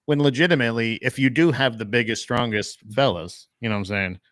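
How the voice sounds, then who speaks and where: A man's voice: mid-range voice, brisk, fairly bright tone, no echo. A man chatting casually about movies as a podcast co-host, rambling with lots of fillers and swearing.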